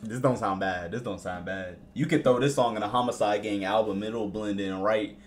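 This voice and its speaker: A young man streaming live as he reacts to rap songs, excitable and slangy, repeating himself. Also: fairly low pitch, moderate pace, music in the background.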